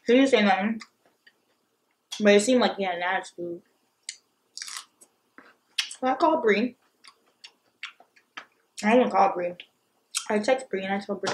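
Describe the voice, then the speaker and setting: Young woman telling a story while eating, blunt and animated, swears a lot. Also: mid-range voice, normal speed, pauses often, a little hiss or hum. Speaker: vlogger. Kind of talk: storytime mukbang vlog.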